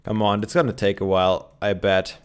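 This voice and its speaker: Young male let's player, smooth clear voice, rambling casual commentary, morning voice. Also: lowish voice, little pitch movement, brisk. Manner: chatty, thinking aloud with many fillers.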